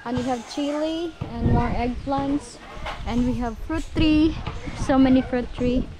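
Slow-talking, high-voiced Filipino woman outdoors. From Philippines. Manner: chatty, upbeat, often addresses viewers as guys. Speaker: vlogger. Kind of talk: casual vlog tour. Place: outdoors on a farm in the mountains. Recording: noisy outdoor phone recording.

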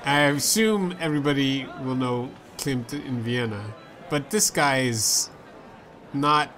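A man's voice: mid-range voice, slow, fairly bright tone, a faint crowd. A man playing a story game, reading its dialogue aloud in a playful way and switching voices for the characters. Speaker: let's play gamer.

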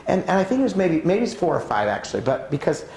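A man giving a preaching talk at a church conference, telling personal stories in an animated way. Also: quick pace, a little hiss or hum. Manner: animated, swings pitch widely while acting out stories. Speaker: conference speaker. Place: church auditorium. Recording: roomy church hall sound.

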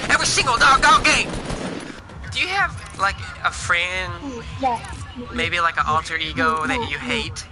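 A man's voice: high-pitched, animated, normal speed. A man streaming gameplay, talking in a whiny, folksy way with frantic exclamations. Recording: noisy game voice chat.

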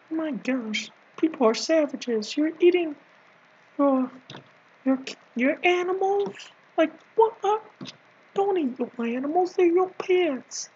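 Man doing a high fussy nanny character, slow and scolding, rambling with sudden whispers, dull lo-fi recording. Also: a little mellow. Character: bossy, scolding comic nanny character, fussy and self-satisfied. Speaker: video creator. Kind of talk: improvised comedy rant in a put-on voice.

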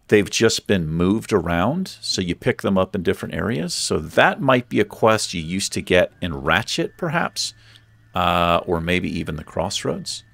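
A male gaming host with a gravelly, low voice that swings up and down a lot. He chats casually and thinks out loud, poking fun at himself as he plays. The sound is close and dry. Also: dry recording. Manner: chatty, thinks aloud, self-deprecating. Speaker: let's play host. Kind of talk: casual gameplay commentary.

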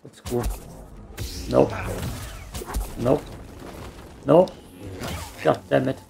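A man's voice: medium pitch, steady tone, very slow, gravelly, dark tone, soft background music. A man with a German accent, a native German speaker, giving rambling, self-mocking let's play commentary and cursing at the game. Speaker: gamer.

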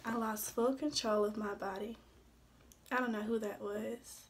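A woman's voice: a little high, steady tone, measured pace, very noisy, natural voice. A woman reading as a pleading husband. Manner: pleading, raised voice. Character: angry then remorseful husband, adult man.

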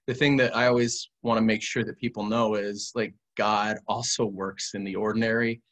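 A man sharing a personal testimony as a guest, in an animated, conversational way with frequent restarts. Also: lowish voice, moderate pace. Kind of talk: casual testimony storytelling.

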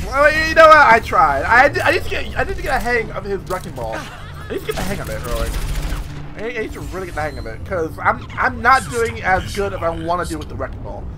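Excitable high-voiced male gamer. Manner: excitable, swears a lot, squeals high. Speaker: gaming video host. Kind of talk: live gameplay commentary. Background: game music and sound effects.

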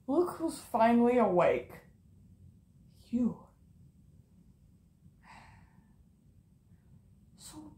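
A smug zebra mad scientist from an amateur audio drama, taunting his captive in slow, drawn-out lines, as a woman puts him on. The voice sits fairly high, and the room sounds echoey. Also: darkish tone. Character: gloating male zebra mad scientist villain.

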